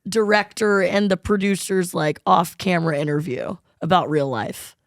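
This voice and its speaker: A woman chatting casually on a podcast, who giggles a lot and is quick to joke and tease. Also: fairly low pitch, fairly even intonation, dry recording, clean studio sound. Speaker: podcast guest. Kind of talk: casual chat.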